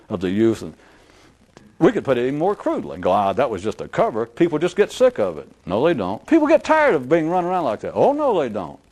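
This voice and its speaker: A man giving an unscripted philosophical lecture in a rambling, animated way, acting out the voices of people he quotes. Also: medium pitch.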